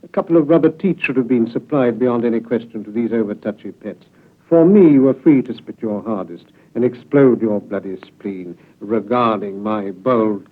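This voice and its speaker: Man declaiming poetry over old tinny radio. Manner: declamatory, swinging between booming lines and low trailing endings. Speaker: poet. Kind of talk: poetry recitation. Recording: tinny lo-fi archival radio recording.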